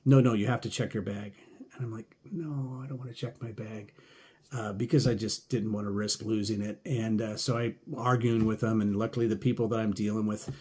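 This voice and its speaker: A man's voice: lowish voice, flat delivery, fairly quick, a little mellow, breathy edge. A man casually telling a travel story as a podcast host, acting out both sides of the conversations.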